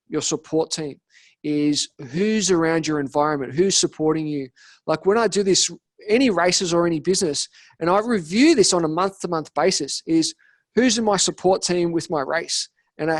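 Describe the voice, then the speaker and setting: A man's voice: a little high, dry recording. An Australian man, a podcast guest, talking casually and telling stories with energy, acting out the voices of the people he quotes. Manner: energetic storytelling, acts out quoted dialogue. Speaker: podcast guest, business coach. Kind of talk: casual interview talk.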